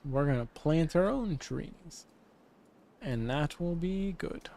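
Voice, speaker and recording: A man's voice: fairly high pitch, expressive, slow, creaky, dark tone. Goofy rambling man narrating gameplay. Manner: goofy, rambling, playfully grandiose self-talk. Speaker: gaming channel host. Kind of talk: casual let's-play commentary. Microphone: studio desk microphone.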